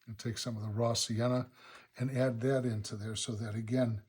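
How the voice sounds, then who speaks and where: A man teaching watercolor, talking calmly through each brushstroke of a painting demonstration and thinking aloud as he works. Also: medium pitch, normal speed, slightly rough. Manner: relaxed, thinking aloud step by step. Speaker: watercolor instructor. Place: painting studio.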